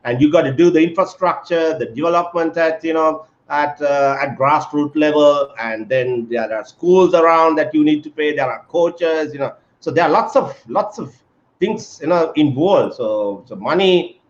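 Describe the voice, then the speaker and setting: A man hosts a casual live-stream chat, talking at a moderate pace in a fairly high voice. He's chatty, uses lots of fillers, and calls his guest "mate." The audio is echoey, dull, and lo-fi.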